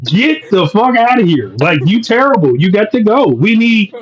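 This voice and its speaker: A man co-hosting a casual sports podcast, ranting loudly and profanely about his team. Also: high-pitched, sing-song, normal speed, highs cut off. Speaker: podcast co-host.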